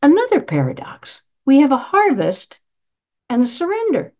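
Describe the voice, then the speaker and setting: A woman's voice: high-pitched, huge pitch swings, moderate pace, darkish tone, lo-fi sound. A woman minister giving a sermon in a conversational style, asking rhetorical questions and repeating her key phrases for emphasis. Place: church sanctuary.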